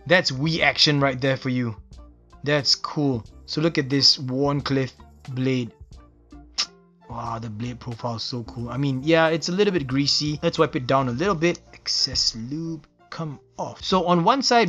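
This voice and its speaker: Unboxing and reviewing a knife, a man from Singapore speaks casually in Singaporean English, with eager, admiring exclamations. His voice sits on the high side and has a fairly bright tone.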